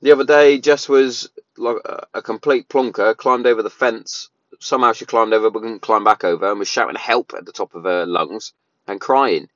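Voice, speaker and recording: Dad, 30s, lower voice, casual rambling monologue with lots of fillers; muffled, dead-dry recording. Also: male voice, moderate pace, fairly bright tone, no room sound. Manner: rambling, many restarts and fillers. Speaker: parent sharing opinions.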